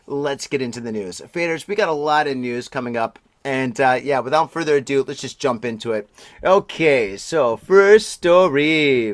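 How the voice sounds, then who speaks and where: A middle-aged man hosting a news podcast in casual chat, excitable and chatty, exclaiming and laughing often, his voice slightly husky after a throat illness. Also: medium pitch, no room sound. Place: Tokyo.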